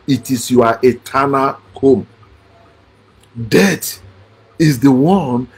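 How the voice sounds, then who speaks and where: A man delivering a blunt, lecturing monologue. He repeats his points and swings between shouting and quiet talk. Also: fairly high pitch, husky. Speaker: channel host.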